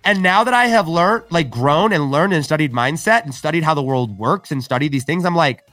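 On a podcast, a male guest chats casually in a fairly high, bright voice, speaking a little fast and with lots of animation. He tells stories, acts out quoted dialogue, and leans heavily on "right?" and "like." The recording has no echo, and soft music plays in the background.

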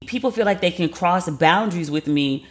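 A woman podcast host telling a personal story in a casual, animated, profane way, acting out the people she quotes. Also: on the low side, normal speed.

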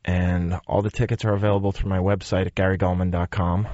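A man's voice: deep voice, little pitch movement, fast talker, a little mellow, no echo, lo-fi sound. A man with a Boston accent, a comedian guest answering easygoing and laughing often. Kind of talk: casual interview chat.

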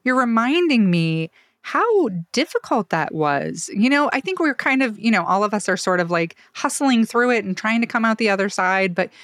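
A woman hosting an interview, asking her questions in a chatty, warm way and getting easily moved. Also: mid-range voice, brisk, hardly any pauses, no room sound. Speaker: host.

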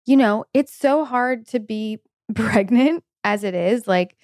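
A woman's voice: fairly high pitch, takes it slowly, a little mellow, dry recording. Supportive woman co-host, dry close mic. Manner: supportive and earnest, talks openly. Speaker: podcast co-host. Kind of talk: conversational interview.

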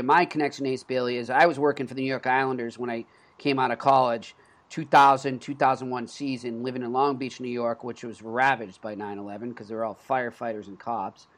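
A man in his thirties with a Boston accent, hosting a sports podcast and telling stories in an earnest, conversational way. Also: mid-range voice. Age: 30s. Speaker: podcast host.

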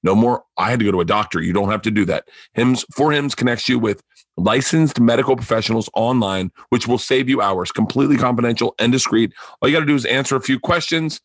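A man's voice: medium pitch, fast, no echo. Male podcast host reading an ad. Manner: loose, chatty ad read. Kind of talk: casual chat and ad read.

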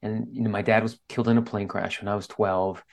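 A man's voice: on the low side, little pitch movement, fast, creaky. A man speaking as an interview guest, telling a candid personal story in an earnest, openly emotional way. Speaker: guest author.

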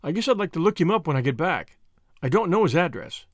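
A man's voice: a little high, very animated, quick pace, dry recording, clean studio sound. A man voicing a brash, generous young American with an American accent and breezy, confident slang. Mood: recounting.

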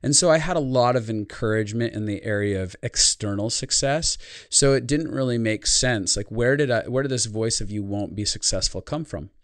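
A man's voice: medium pitch, normal speed, clean tone, no echo, studio quality. A man speaking as a guest on a podcast, telling a reflective personal story in an earnest tone. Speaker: podcast guest, life consultant. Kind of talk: podcast interview conversation.

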